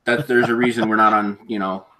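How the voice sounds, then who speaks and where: A man's voice: fairly low pitch, fairly even intonation, fairly quick, sharp tone. A man hosting a live auction stream, chatting casually in an easygoing, rambling way. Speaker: auction show host.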